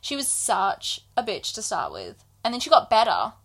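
A woman's voice: a little high, moderate pace, vocal fry. A woman chatting casually with a friend, retelling a book's scenes and acting out the characters' lines. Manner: animated, acts out characters' lines. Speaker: book podcast co-host. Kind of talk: casual chat retelling a book.

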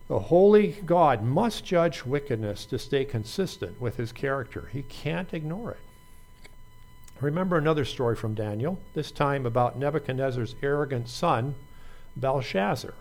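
A man's voice: medium pitch, lively intonation, normal speed, a little mellow. Man preaching an earnest sermon. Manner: earnest, reads scripture aloud with small slips.

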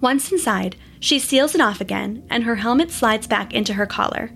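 A woman narrating a scripted space adventure story in a steady, descriptive way. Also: on the high side, normal speed, vocal fry, a little hiss or hum.

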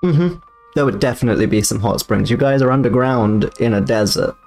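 A man's voice: mid-range voice, brisk, gravelly, a little mellow, soft background music. A man running a tabletop game as game master, joking and laughing often.

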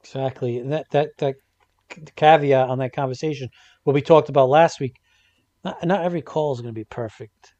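A man co-hosts a casual podcast, stammering through restarts as he makes his point. His mid-pitched voice comes through a dry, dull, lo-fi mic. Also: a little fast, dark tone, no echo.

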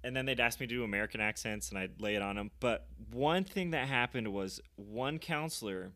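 A man's voice: medium pitch, fairly quick, bright, forceful tone. A young man hosting a podcast and telling an easygoing, anecdotal story in a casual chat. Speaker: podcast host.

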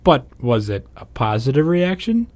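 A man's voice: medium pitch, big pitch swings, moderate pace, darkish tone. Man, news anchor, casual chat, playful, laughs easily. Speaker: TV news anchor interviewing a colleague.

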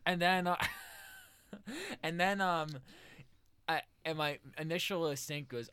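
A man's voice: fairly high pitch, big pitch swings, slow, long pauses, sharp tone, clear, resonant tone. A man hosting a podcast, telling a story in a rambling way with lots of fillers. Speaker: podcast host. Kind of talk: casual chat.

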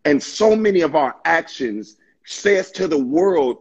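A man in a casual faith discussion, talking in an impassioned, preachy way with stammering restarts and a husky voice. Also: on the high side, lively intonation, measured pace, dull audio.

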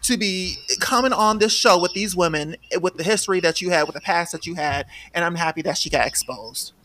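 A young man hosting a podcast, chatting about reality TV gossip in an animated, sassy way with sudden shrill outbursts. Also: a little fast, a little hiss or hum. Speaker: podcast host. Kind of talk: casual gossip chat.

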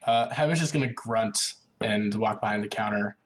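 A man's voice: fairly low pitch, normal speed. A man playing a tabletop fantasy game, describing his character's actions hesitantly, with many filler words. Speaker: player. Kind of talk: casual tabletop play.

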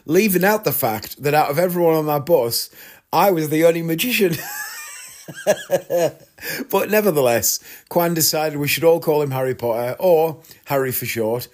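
English man, podcast host, comic monologue, deadpan, wry. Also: a little high, normal speed. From England. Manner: wry, deadpan storytelling with frequent laughs.

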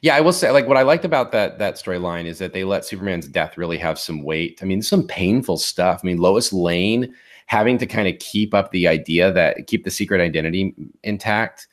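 A man in his forties co-hosting a podcast, talking casually in a rambling, halting way with many restarts. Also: sits low, expressive. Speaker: podcast co-host. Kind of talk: casual chat.

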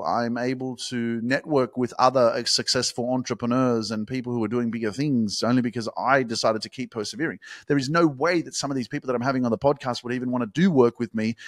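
A man hosting his own motivational podcast, talking intensely and swearing, sometimes building up to shouted hype. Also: mid-range voice, no room sound, studio quality. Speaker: podcast host. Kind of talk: motivational monologue.

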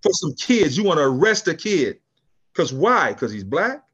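This podcast guest, a California business founder in his sixties, has a slightly high and slightly rough voice and keeps a moderate pace. In a casual interview he animatedly acts out the people in his story and often restarts his lines, and the recording sounds muffled.

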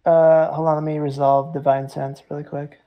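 Gravelly-voiced, halting game master. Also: medium pitch, flat delivery, muffled recording. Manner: halting, lots of fillers. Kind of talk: narrating a tabletop game.

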